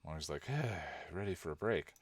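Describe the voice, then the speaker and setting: A man's voice: extremely low pitch, a little fast, slight background noise. A man hosting a casual live stream while he edits a video review, muttering distracted asides to himself and greeting viewers. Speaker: channel host editing a video review.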